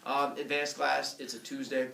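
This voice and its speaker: A man's voice: medium pitch, flat delivery, moderate pace, creaky, pushed and bright, recorded from a distance, a little hiss or hum. Playful male teacher in an echoey classroom. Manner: playful, teasing. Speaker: middle school teacher.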